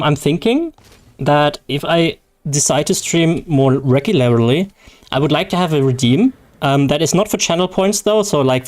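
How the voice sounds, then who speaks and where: A man's voice: a little high, a little mellow. A young man whose first language is German, chatting casually and rambling with jokes and laughter as a game streamer. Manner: rambling, joking, laughs often. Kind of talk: casual livestream chat.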